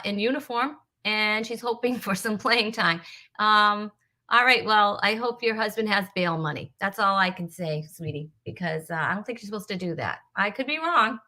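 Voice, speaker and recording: Bright-voiced woman hosting a chatty comedy stream. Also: medium pitch. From Rhode Island, USA. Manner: chatty, joking, greets viewers by name; self-deprecating asides, trailing restarts. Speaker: host of a live comedy web show. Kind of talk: casual live-stream chat.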